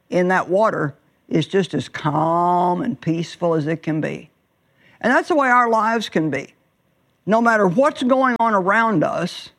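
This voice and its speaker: A woman preaching a sermon, telling stories emphatically and stretching words for effect. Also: fairly low pitch. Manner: emphatic storytelling with drawn-out words and sudden swells.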